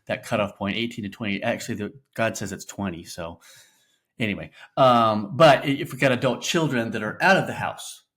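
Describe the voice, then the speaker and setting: A man's voice: lowish voice, brisk, a bit bright. A middle-aged man co-hosting a faith-based parenting podcast, talking in a rambling, encouraging, casual way. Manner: rambling, frequent fillers and restarts, encouraging. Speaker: podcast co-host.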